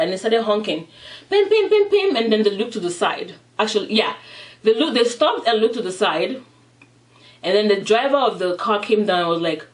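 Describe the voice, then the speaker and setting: Eating-show host, lively chatty retelling, mic a bit far off. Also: mid-range voice. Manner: animated retelling, acting out the characters. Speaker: mukbang vlogger. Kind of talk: casual storytelling while eating.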